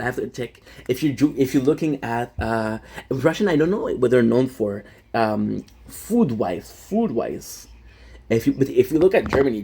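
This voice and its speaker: Husky French-Canadian man chatting live. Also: medium pitch, dark tone. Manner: rambling, answers chat comments, many fillers and restarts. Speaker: livestreamer. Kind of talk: casual live-stream chat.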